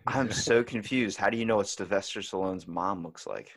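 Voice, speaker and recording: A man's voice: on the low side, moderate pace. A man asking earnest questions as a guest in casual podcast banter.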